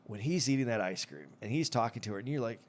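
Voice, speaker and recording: A man's voice: mid-range voice, quick pace. A middle-aged man co-hosting a podcast, retelling movie scenes in casual chat, often repeating words as he restarts. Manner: animated storyteller, repeats words, acts out movie lines. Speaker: podcast co-host.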